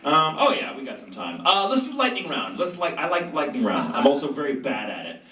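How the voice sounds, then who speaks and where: A man speaking at a convention Q&A panel, telling stories in an animated, self-mocking way and acting out quotes. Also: a little high, fairly quick. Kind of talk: storytelling Q&A panel. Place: large convention hall. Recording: echoey convention hall from far off.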